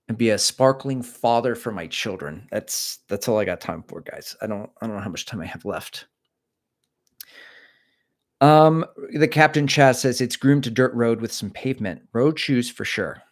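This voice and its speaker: A middle-aged man with a lowish voice hosts a laid-back livestream, reading viewer comments aloud and chatting in a rambling, self-deprecating style.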